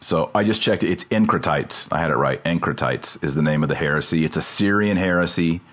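Very low-voiced man musing aloud. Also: a little fast, a bit bright. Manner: thinks aloud, checks terms mid-sentence. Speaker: podcast host. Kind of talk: casual discussion.

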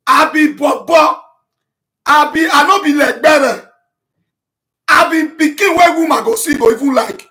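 Man, Nigerian Pidgin accent, impassioned self-defense monologue, shouting, high-pitched. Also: measured pace, pauses often. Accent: Nigerian Pidgin English. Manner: shouting, passionate, repetitive, switches into chanted vernacular. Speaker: self-styled prophet addressing his online audience. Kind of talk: impassioned monologue to camera, rebutting accusations.

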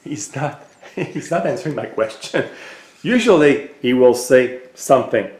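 A man in a casual product demonstration, relaxed and explanatory, pausing on hesitant fillers. His voice sits at an ordinary middle pitch. The sound carries a roomy echo from an indoor room. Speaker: tech vlogger.

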